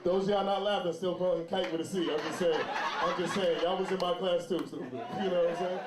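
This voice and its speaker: A man doing a loud, animated stand-up comedy set, telling stories and shouting some bits. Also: high voice, fairly quick, very noisy. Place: comedy club stage. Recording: roomy club with crowd. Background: audience laughter.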